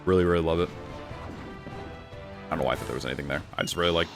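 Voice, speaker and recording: A man casually commenting on his gameplay as a streamer, relaxed and rambling, swearing now and then. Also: very deep voice, rapid-fire, vocal fry, over music.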